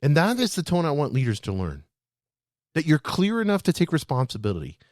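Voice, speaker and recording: A man hosting a leadership show, speaking straight to his listeners in a lively, animated way. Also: a little high, a little fast, no echo, clean studio sound. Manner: animated, addresses listeners as "guys". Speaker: podcast host.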